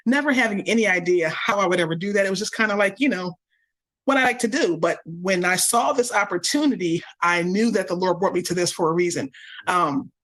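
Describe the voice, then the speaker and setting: A woman guesting on a coaching live stream over a video call. She answers in an earnest, halting way, often restarting her sentences. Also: lowish voice, fairly bright tone, rough recording. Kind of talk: conversational interview answer.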